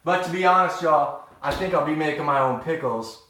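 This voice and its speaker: A man's voice: a little high, brisk, slight background noise. A man talking in a casual, rambling live-stream chat with his viewers, showing off groceries and homemade pickles in a kitchen. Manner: animated, rambling, addresses viewers as y'all. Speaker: vlogger. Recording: echoey room.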